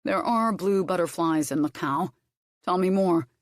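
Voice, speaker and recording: A woman's voice: lowish voice, a little slow, dry recording, clean studio sound, close to an everyday voice. A woman voicing a stern, arrogant earl who answers curtly. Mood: curt, wary. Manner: curt and clipped. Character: stern, arrogant sea-raised earl, a grown man.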